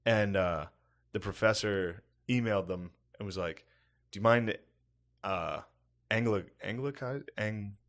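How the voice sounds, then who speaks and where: A man co-hosting a comedy podcast, rambling through profane, excitable stories in casual chat. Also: lowish voice, measured pace. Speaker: podcast co-host.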